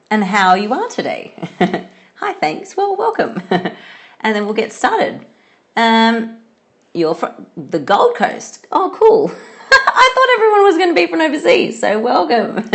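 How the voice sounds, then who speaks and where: A young Australian woman, a nutritionist, chatting bubbly on a live stream, laughing often and greeting viewers. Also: fairly high pitch. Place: home, at night.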